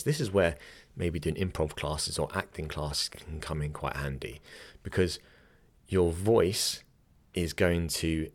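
A young man hosting a podcast and teaching yoga, talking casually, often restarting his sentences and laughing easily. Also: very deep voice. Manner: chatty, self-correcting, laughs easily.

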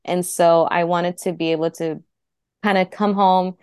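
A woman's voice: fairly low pitch, fairly even intonation, unhurried, darkish tone, clear, resonant tone, no room sound, clean studio sound. A young woman guest, chatty and heartfelt, telling her story and saying "like" often. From United States. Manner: chatty, heavy use of "like", heartfelt. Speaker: interview guest. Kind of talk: casual personal storytelling.

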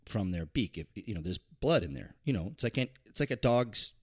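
Man, lowish voice, casual chat, relaxed storytelling, podcast co-host. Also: brisk, breathy edge.

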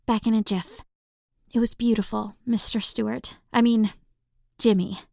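A man's voice: sits high, little pitch movement, measured pace, creaky, a little mellow, no room sound, studio quality, voice pushed up. A man voicing an eager, smitten young woman who talks in a breathless, gushing way.

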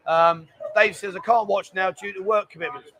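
A hungover London man with a London accent co-hosts a casual livestream, reading out viewer comments and cracking jokes. His voice is high, steady and a bit bright, the banter quick and chatty, and the sound is lo-fi.

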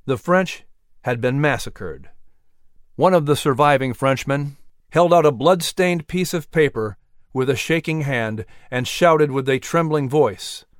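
A man reads a historical story aloud in a measured, dramatic way, like a scripted audio book. His pitch is middle for a man. The recording is dry and close, with no room sound. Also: expressive, no echo. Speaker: narrator.

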